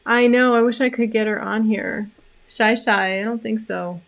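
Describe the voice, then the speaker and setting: A woman hosting a live stream about animal communication, talking casually and softly, rambling with many fillers and restarts. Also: fairly high pitch, steady tone, moderate pace, creaky.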